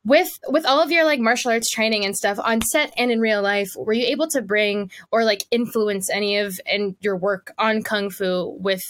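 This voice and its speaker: A woman's voice: mid-range voice, fairly even intonation, normal speed, hardly any pauses, a bit bright, slight background noise. A woman co-hosting a podcast, gushing in casual chat before asking a question. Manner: bubbly, gushing. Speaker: podcast co-host.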